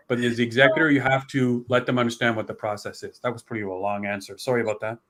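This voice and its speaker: A man talks through estate matters in a loose, rambling interview manner, often restarting mid-sentence. His voice sits at an ordinary middle pitch for a man, and he slips into little acted-out voices of impatient heirs. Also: flat delivery, quick pace, hardly any pauses, a bit bright. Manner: rambling, restarts often, acts out complaining beneficiaries. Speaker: author and guest on estate planning. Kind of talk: conversational interview.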